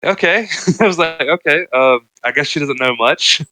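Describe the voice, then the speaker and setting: A man's voice: medium pitch, normal speed, pushed and bright, no room sound, poor audio. A young man telling a story in casual podcast chat, laid-back and rambling with lots of filler words. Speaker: podcast co-host.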